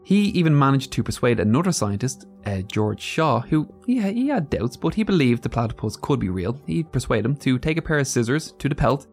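A man's voice: medium pitch, big pitch swings, brisk, few pauses, a little mellow, faint music behind. A man co-hosting a podcast, telling facts in a loose, chatty way with asides. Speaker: podcast co-host. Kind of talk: casual storytelling chat.

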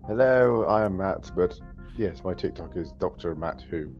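A man introducing himself on a casual podcast call, relaxed and low-key. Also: normal speed, lo-fi sound, soft background music. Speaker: guest.

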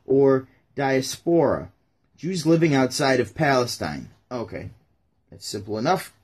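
Husky man riffing casually to viewers. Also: medium pitch, expressive, a little slow, darkish tone. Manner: rambling, joking, talks to viewers directly. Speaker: YouTuber and podcaster. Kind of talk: casual Bible reading and commentary.

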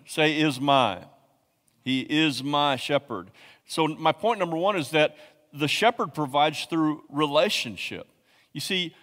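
A pastor delivers a sermon, hammering his key lines again and again. His voice sits a little high for a man and climbs to passionate peaks. It rings with the long reverb of a large hall. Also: fairly bright tone.

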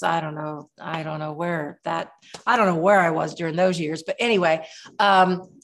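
A Kentucky herbalist in her seventies, speaking in a voice on the low side, appears as a guest in a relaxed interview. She tells long, rambling stories and restarts herself often.

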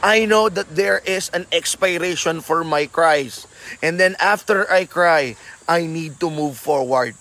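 A man's voice: high voice, fairly bright tone, rough recording. A man with a Filipino accent preaching a sermon, mixing English and Tagalog and repeating key lines for emphasis. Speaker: pastor.

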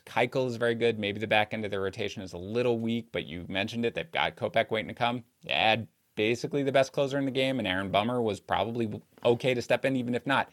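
A man's voice: on the low side, fairly bright tone. A man co-hosting a sports betting podcast, talking casually and analytically, laughing easily between points.

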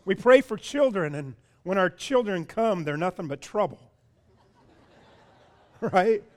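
High-voiced pastor preaching a sermon. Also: male voice, a little slow. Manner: animated, asks the congregation questions, repeats words.

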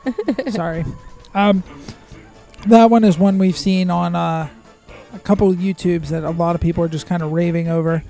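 A man's voice: high-pitched, steady tone, normal speed, vocal fry, warm tone, soft background music. A man co-hosting a casual podcast, reading a menu playfully and joking around, recorded outdoors. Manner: playful, jokey, mangles foreign words. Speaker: podcast co-host. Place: outdoors at home.

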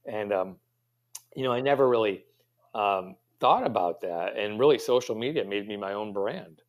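A man's voice: lowish voice, moderate pace. Rambling, reflective middle-aged man. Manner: rambling, reflective, many fillers and restarts. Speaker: pastry chef guest. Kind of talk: conversational interview answers.

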